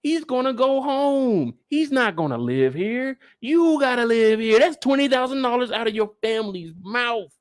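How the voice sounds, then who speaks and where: A man's voice: very high-pitched, sing-song, moderate pace, few pauses, dry recording, clean studio sound. A man hosting a live after-show discussion, ranting in disbelief at his viewers and repeating phrases for emphasis. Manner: talks straight to his viewers. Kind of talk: animated live reaction commentary.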